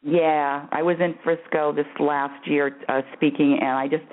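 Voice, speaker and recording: A woman's voice: deep voice, a little slow. Effusive woman radio host on a tinny line. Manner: effusive, animated, laughs often, repeats phrases. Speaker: radio show host and spiritual advisor. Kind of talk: call-in radio advice talk.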